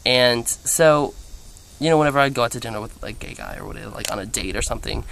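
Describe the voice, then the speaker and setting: A young man telling a personal story to the camera in a casual vlog, chatty and animated, with lots of "like" fillers. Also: mid-range voice, fast, creaky. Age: young adult. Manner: quotes others in playful voices. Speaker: vlogger.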